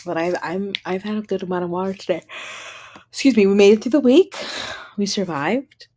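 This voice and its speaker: A woman's voice: mid-range voice, brisk, warm tone. A young woman hosting a casual livestream chat, tired and yawning, greeting viewers and laughing often. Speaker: livestream host.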